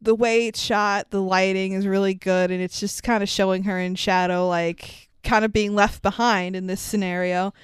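A woman's voice: medium pitch, level tone, normal speed, hardly any pauses, clear, resonant tone, dry recording, clean studio sound. A woman co-hosting a casual movie recap podcast, swearing, laughing and mimicking characters. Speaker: podcast co-host.

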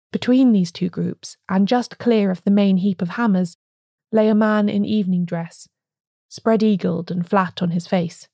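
A woman narrating an audiobook in a measured, even reading. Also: medium pitch, dry recording, studio quality.

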